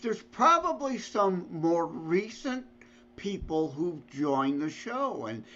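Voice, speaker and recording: A man's voice: sits high, very animated, takes it slowly, muffled recording, a crowd in the background. A man co-hosting a podcast, chatting casually and chuckling along with the story. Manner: chuckling, agreeable. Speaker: podcast co-host. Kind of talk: casual chat.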